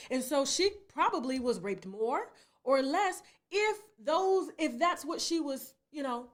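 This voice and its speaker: A woman giving an animated commentary monologue as a gossip vlogger, emphatic and repetitive. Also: high-pitched, unhurried. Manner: emphatic, repeats "okay?" and "you understand?".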